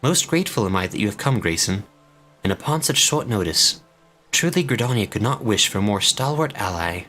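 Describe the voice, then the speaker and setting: A man's voice: fairly low pitch, sing-song, fairly quick, bright, forceful tone, soft background music, full character voice. A man voicing a stately, solemn elder in a game, using archaic, formal phrasing. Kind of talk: reading game dialogue aloud in voices.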